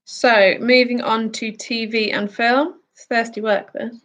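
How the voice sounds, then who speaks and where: Woman running a quiz night, takes her time, higher voice, chatty little asides. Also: steady tone, unhurried, a bit bright. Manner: chatty, reads out questions then answers with asides. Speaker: quiz host. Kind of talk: casual quiz hosting.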